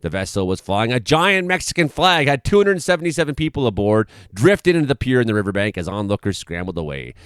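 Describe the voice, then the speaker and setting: A man's voice: medium pitch, very animated, fast talker, few pauses, fairly bright tone, clear, resonant tone, no room sound, clean studio sound. A man in his forties, hosting an irreverent comedic news commentary with chuckles and swearing. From Canada. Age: 40s. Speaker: host.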